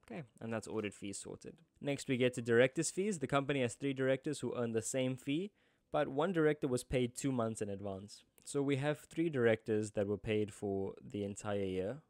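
A man's voice: medium pitch, animated, moderate pace, darkish tone, no echo, studio quality. A man teaching accounting in a tutorial, chatty, with joking asides. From South Africa. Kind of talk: screen-recorded tutorial.

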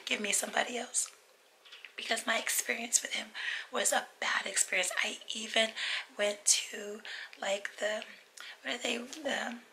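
Bright, half-whispering woman vlogger. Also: on the high side, a little hiss or hum, rough recording. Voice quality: weak, half-whispered, breathy voice. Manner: chatty, drifting between soft voice and whisper. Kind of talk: casual chat to camera. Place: home workspace.

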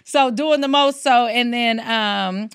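A woman from Washington, a comedian guest telling stories in a lively, chatty way. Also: fairly high pitch, slow, slight background noise. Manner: lively storytelling. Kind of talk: casual chat.

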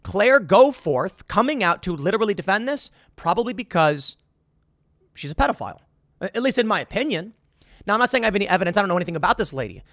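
A man's voice: high-pitched, quick pace, dry recording, studio quality. A man hosting a political commentary show, talking in a monologue and acting out quoted voices. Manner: animated, acts out quoted voices. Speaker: host.

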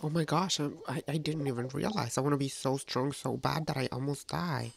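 A woman's voice: very deep voice, brisk, creaky, a little hiss or hum. A woman hosting a casual let's-play video, chatty and playful, talking to the game's characters and to her viewers. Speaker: gaming video host.

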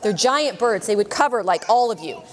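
A woman reading a picture book aloud to children in a large church, lively, pausing to ask them questions. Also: mid-range voice. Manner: lively, asks questions, says "right?" often. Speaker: reader to children. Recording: long church reverb.

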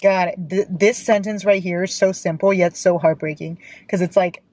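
A woman's voice: on the low side, fairly even intonation, moderate pace, a little mellow. Brief: emotional twenty-something American woman book vlogger, reads aloud, gushes and tears up, records in her car. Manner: emotional, gushing, often crying. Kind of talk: reading aloud and reacting. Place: parked car.

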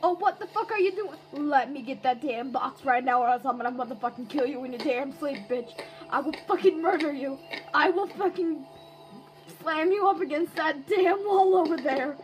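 A woman's voice: high-pitched, moderate pace, soft background music, natural voice, rough recording. A woman voicing a foul-mouthed, murderous robot in a comic voice-over dub, humming tunelessly and swearing constantly. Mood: threatening.

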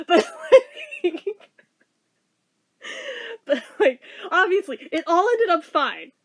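A woman's voice: very high-pitched, big pitch swings, slow, long pauses, a bit bright. A woman telling a storytime vlog in a casual way, swearing and laughing to the point of tears. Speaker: vlogger.

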